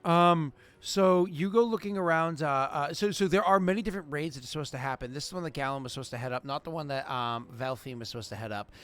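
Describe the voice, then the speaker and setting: Chatty game master man, slightly high voice. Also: fast talker, few pauses, a bit bright. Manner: rambling, self-correcting, laughing often. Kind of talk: narrating a tabletop game.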